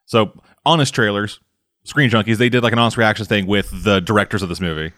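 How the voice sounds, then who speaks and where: Fast-talking excitable young man. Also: on the low side, no room sound, clean studio sound. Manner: excitable, swears freely. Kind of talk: casual film chat.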